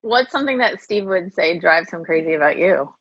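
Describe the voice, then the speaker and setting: A woman co-host with a gravelly, lively voice, throwing questions and quick asides at her guest. The audio is dull and lo-fi, with a dry remote-call sound. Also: on the low side, dry recording. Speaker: podcast co-host. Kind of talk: casual interview chat.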